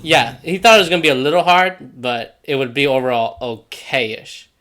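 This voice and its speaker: A man's voice: mid-range voice, moderate pace, pushed and bright. Laid-back young man telling stories. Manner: laid-back, laughs often, slangy. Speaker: podcast co-host. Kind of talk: casual storytelling chat.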